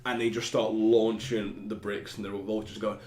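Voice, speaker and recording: A man's voice: lowish voice, little pitch movement, normal speed, a little mellow. A man narrating a tabletop game as game master, chatty and loose with many fillers. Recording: echoey room with some noise.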